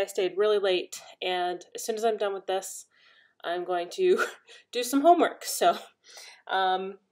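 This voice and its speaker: A young woman chatting casually at home about her crafts. She talks in a rambling, excitable way with frequent laughs. She sounds a little tired after her workday. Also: medium pitch. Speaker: crafting podcast host. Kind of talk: casual chat. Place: home, indoors.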